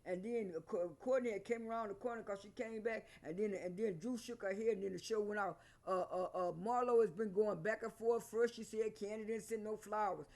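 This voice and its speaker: A man recapping a reality show in a casual vlog, rambling and repeating himself as he gives his opinions. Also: high voice. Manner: rambling, repeats words and restarts often; plain, opinionated storytelling.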